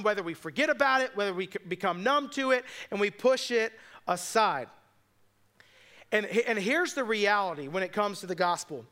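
A male pastor preaches a sermon. His voice sits high and sounds bright. He tells the story with quick asides and voices the people in it. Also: clean tone.

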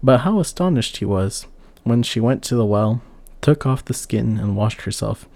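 A man narrating an old fairy tale in a steady, unhurried reading. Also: mid-range voice, creaky, dry recording. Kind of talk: storybook narration.

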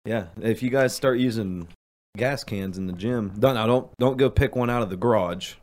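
A man's voice: medium pitch, normal speed, a little mellow. A young man co-hosting a casual podcast, nudging the conversation along in an easygoing way. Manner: easygoing, prompting the others. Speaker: podcast co-host.

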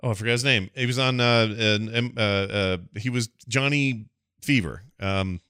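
A man co-hosting a movie podcast in casual chat, rambling and animated, often hunting for names. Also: medium pitch, moderate pace, clear, resonant tone, no room sound, studio quality. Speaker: podcast co-host.

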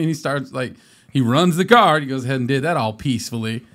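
A man chats casually on a podcast. His voice sits at a middle pitch, and he tells rambling, profane stories, acting out what others said. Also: quick pace, a bit bright. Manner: profane, storytelling with put-on quotes. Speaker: podcast co-host. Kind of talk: casual chat.

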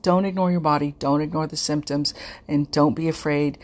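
On her podcast, a middle-aged female host explains things in an earnest, casual way, frequently repeating herself and leaning on fillers. She speaks at a normal speed with a low, slightly mellow voice and fairly even intonation.

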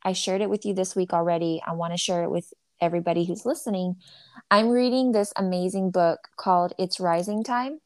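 A woman's voice: lowish voice, fairly even intonation, a little fast, dry recording. Bubbly joking woman podcast co-host. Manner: bubbly, jokey storyteller. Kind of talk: casual chat.

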